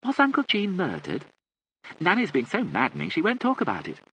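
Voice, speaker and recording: Cast: man putting on a cheeky, eager young girl, very high and bright. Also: wildly swooping pitch, brisk, a little hiss or hum, full character voice, poor audio. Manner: breathless, wide-eyed eagerness. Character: schoolgirl, eager, cheeky and excitable.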